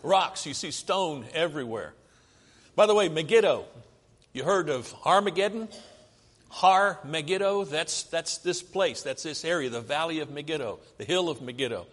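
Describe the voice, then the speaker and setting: A man's voice: a little high, lively intonation, normal speed, fairly bright tone. An American man preaching a sermon, talking through slides and asking the audience questions. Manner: conversational, asks the audience questions. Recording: long hall reverb.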